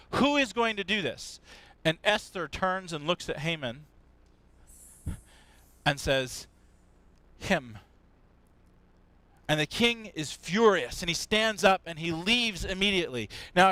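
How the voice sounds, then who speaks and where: Pastor guy doing the kids' talk, high voice, animated, asks the kids questions, dry sound. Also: no room sound, rough recording. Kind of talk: children's sermon. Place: church.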